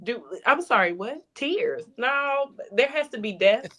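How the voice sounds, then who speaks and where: A woman's voice: high voice, lively intonation, measured pace, pushed and bright. Candid woman telling a therapy story. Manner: candid storyteller, acts out quoted dialogue. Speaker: panelist. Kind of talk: casual group chat.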